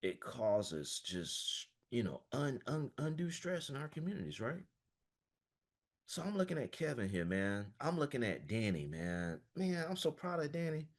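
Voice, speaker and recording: A man's voice: medium pitch, sing-song, measured pace. A man, a financial coach giving a passionate, emphatic motivational talk over a video call, peppered with "man". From small-town Florida, US.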